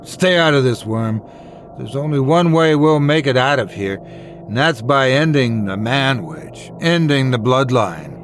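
A man's voice: mid-range voice, lively intonation, a little slow, faint music behind, lightly acted. A man voicing a brash, cruel teenage boy bully in a spoken horror story, taunting and snarling.

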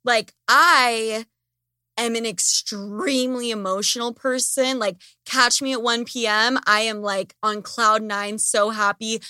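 A young woman hosting a casual podcast chat, animated and candid, swearing freely. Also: a little high, unhurried, clean tone, dry recording, studio quality. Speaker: podcast host.

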